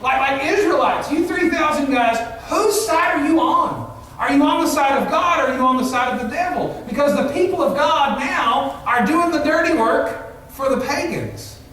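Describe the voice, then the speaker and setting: High-voiced pastor preaching in an echoey hall. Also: male voice, normal speed, fairly bright tone, recorded from a distance, slight background noise. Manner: earnest, emphatic preaching with rhetorical questions. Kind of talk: sermon. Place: church sanctuary. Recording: echoey church hall, mic from afar.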